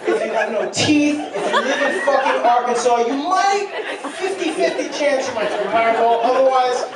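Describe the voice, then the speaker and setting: A man's voice: very high-pitched, expressive, moderate pace. A young man doing a stand-up set in a comedy club, telling a crude, rambling, self-deprecating story. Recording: distant, very echoey club recording with loud crowd.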